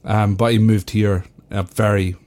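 A man's voice: fairly low pitch, flat delivery, unhurried, darkish tone. A Scottish man hosting a solo podcast, talking casually and rambling with frequent ums. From Scotland. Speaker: podcast host.

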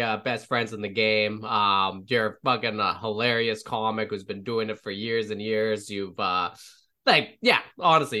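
A man's voice: on the low side, pushed and bright. A man in his thirties hosting a comedy podcast in casual chat, laughing often and swearing freely. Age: 30s. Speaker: podcast host.

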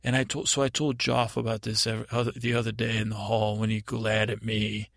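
A man's voice: lowish voice, flat delivery, creaky, fairly bright tone, no echo, studio quality. A man playing a timid rambling boy prince. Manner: halting, stammering, meandering storytelling. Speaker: improv comedy podcast performer. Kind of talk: improvised comic monologue.

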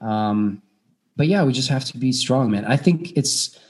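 A man talking as an actor guest in a casual podcast chat, animated, with frequent restarts and fillers. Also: medium pitch, unhurried. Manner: animated, many restarts and fillers, jumps into quoted voices.

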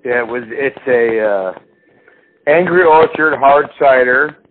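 A man's voice: medium pitch, slow pace. A man hosting a podcast in casual chat, profane and rambling, slipping into exaggerated impressions of people. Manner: profane, rambling, mimics people in big voices. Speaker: podcast host. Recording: phone-like lo-fi call audio with faint noise.

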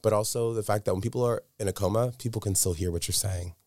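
A man's voice: fairly low pitch, fast, darkish tone. A man speaking as an interview guest, telling a candid personal story in an earnest, emphatic way and repeating words for stress.

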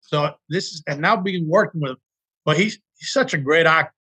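Fairly high in pitch, brisk and sharp with a breathy edge, this actor's voice carries through a relaxed interview. He shares heartfelt, emotional stories about his work, often starting over mid-thought.

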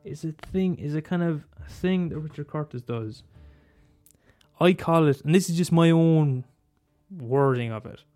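A man talking casually and passionately about films, swearing freely and jumping up into high exclaims. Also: unhurried, darkish tone, faint music behind. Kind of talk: casual film chat.

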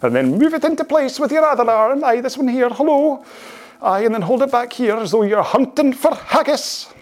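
A man voicing a cheery old Scottish fellow with a broad Scottish accent, giving stretching cues in a high sing-song way and calling the listener sonny. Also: very animated, normal speed.

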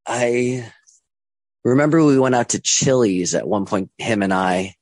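A young man telling his own story casually, halting with many ums and restarts and acting out what others said. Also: mid-range voice, a little mellow, dry recording. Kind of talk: casual first-person storytelling.

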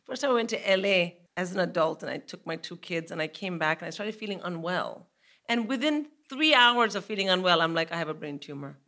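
A woman in her forties, a guest comedian, telling comic anecdotes on a live podcast stage in an animated way, laughing and acting out her own panic. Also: lowish voice, fairly quick.

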